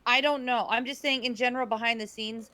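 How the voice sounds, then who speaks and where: A woman's voice: on the high side, fairly even intonation, brisk, pushed and bright, dry recording. A woman co-hosting a podcast, pushing back earnestly with hesitant restarts in casual talk. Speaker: podcast co-host. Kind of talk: casual discussion.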